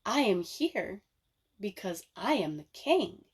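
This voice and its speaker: A woman voicing a calm, solemn young king in a storytelling. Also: medium pitch, slow, husky, exaggerated voice.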